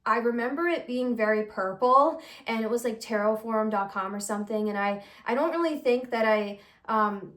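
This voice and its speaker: A woman's voice: fairly high pitch, moderate pace, hardly any pauses, fairly bright tone. A young woman who reads tarot, chatting casually to camera in a rambling, confessional way, full of fillers and giggles. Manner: earnest and confessional. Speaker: tarot reader and channel host. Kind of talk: casual vlog chat.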